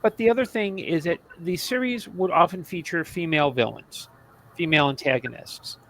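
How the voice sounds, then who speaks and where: A man's voice: fairly high pitch, normal speed, a bit bright, rough recording. A man co-hosting a podcast in casual chat about old TV shows, rambling with many restarts and asides. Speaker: podcast co-host.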